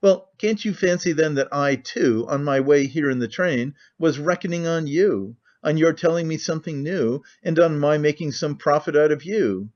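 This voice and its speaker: Man voicing a cynical idle nobleman, middle-aged, rambling, confiding, fairly high voice, dull lo-fi sound. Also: moderate pace, few pauses, darkish tone, close to an everyday voice. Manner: rambling, confiding, languid candor. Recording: muffled lo-fi audiobook recording.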